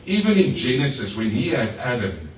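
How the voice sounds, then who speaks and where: Brief: male pastor mid-sermon, animated and chatty, heard from a distance in a roomy church hall with faint room noise. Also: mid-range voice, normal speed. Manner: lively preaching with playful asides to the congregation. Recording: echoey hall, mic far off.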